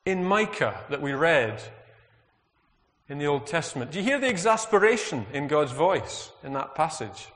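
A man's voice: fairly high pitch, very animated, moderate pace, a bit bright. Man preaching in a reverberant church. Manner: earnest, reflective, asks the congregation questions. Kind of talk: sermon. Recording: long hall reverb.

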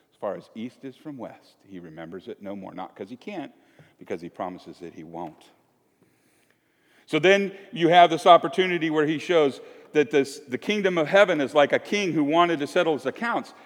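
Joking pastor in an echoey church. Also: male voice, on the high side, lively intonation, normal speed. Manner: chatty and joking, acts out little scenes. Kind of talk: conversational sermon. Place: church sanctuary.

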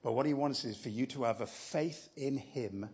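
A man's voice: medium pitch, normal speed, darkish tone, husky. A man preaching as a guest speaker in church, telling a story in a conversational, encouraging way. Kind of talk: sermon.

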